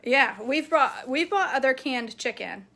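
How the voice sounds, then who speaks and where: Chatty bright-voiced woman, laughing easily. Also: high voice, animated, measured pace. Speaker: vlogger showing grocery haul. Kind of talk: casual chat.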